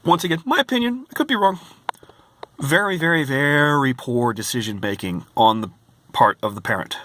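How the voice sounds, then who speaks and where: A man's voice: mid-range voice, expressive, moderate pace, pushed and bright, slight background noise. A man working as a hotel night clerk rants in a vlog. He sounds exasperated, stresses his words and keeps repeating himself. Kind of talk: ranting vlog.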